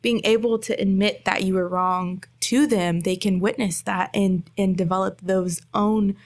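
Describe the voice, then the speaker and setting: Brief: young adult woman, mid-pitched, reflective podcast co-host, casual chat. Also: steady tone, unhurried.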